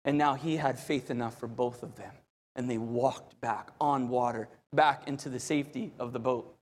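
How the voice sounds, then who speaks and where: A man's voice: medium pitch, steady tone, moderate pace. A man preaching a sermon, telling a story with animation, often repeating phrases and speaking directly to the crowd. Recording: long hall reverb.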